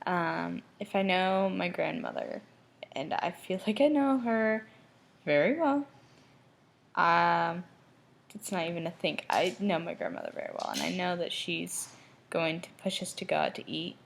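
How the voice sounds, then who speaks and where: A woman's voice: fairly low pitch, unhurried, creaky, poor audio. A young woman from Michigan talking in a personal video diary, emotional and rambling, often restarting her sentences. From Michigan, USA. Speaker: vlogger.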